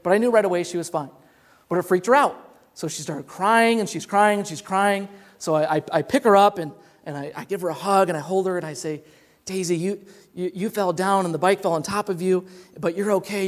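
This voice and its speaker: A young man preaching a sermon as pastor, earnest and repeating words as he explains. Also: sits high.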